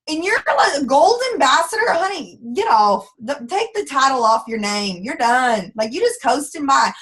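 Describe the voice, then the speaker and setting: A woman's voice: high voice, moderate pace, hardly any pauses, rough recording. Sassy woman giving a pep talk. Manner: sassy, folksy and animated, acts out quoted voices. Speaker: network marketing team leader. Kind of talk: motivational business training talk.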